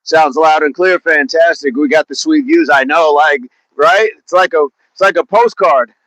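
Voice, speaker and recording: A man coaches a fitness live stream outdoors in a park, upbeat and chatty as he warms up, greeting viewers by name and repeating words. His voice is fairly high and fairly bright at a moderate pace, on a low-quality recording.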